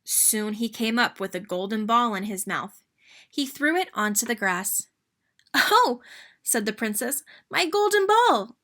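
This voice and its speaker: Reading a children's picture book aloud, a woman uses an expressive, sing-song storytelling style at medium pitch and normal speed.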